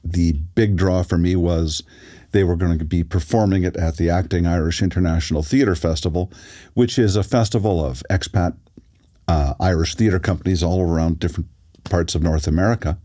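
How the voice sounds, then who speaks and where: A man, an actor and audiobook narrator, telling relaxed stories as a guest in a casual interview. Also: low-pitched, normal speed. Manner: relaxed anecdotal storytelling with fillers.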